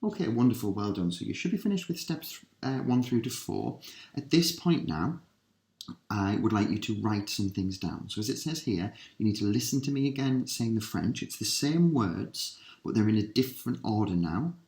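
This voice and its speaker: Guy teacher doing slow vocab drills, lowish voice, kinda roomy echo. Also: animated, a little mellow. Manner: slow, clearly spaced word drills with patient instructions. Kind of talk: recorded listening lesson.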